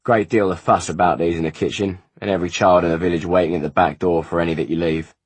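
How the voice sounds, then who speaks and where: A stolid, grudging manservant, as a deep-voiced male reader puts him on, his very low husky voice landing each word with heavy emphasis. The sound is close and dry. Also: steady tone, fast, dry recording. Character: gruff grudging male servant.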